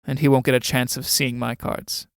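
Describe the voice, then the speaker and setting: A sour middle-aged army captain sneers and grumbles in a smooth voice, read by a man. The delivery is dry and mocking, as in a stage-play reading, recorded close with no room echo. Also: medium pitch, little pitch movement, moderate pace, lightly acted. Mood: grumbling.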